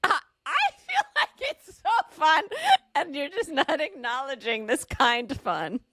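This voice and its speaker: A woman co-hosting a podcast in casual chat, animated and giggly, acting out scenes as she talks. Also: high voice, measured pace, dry recording. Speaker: podcast co-host.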